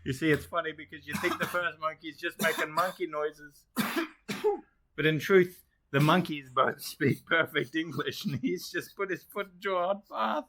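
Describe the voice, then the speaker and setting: A man co-hosting, telling jokes slowly and deadpan and firing skeptical questions in casual banter. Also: a little high, slight background noise.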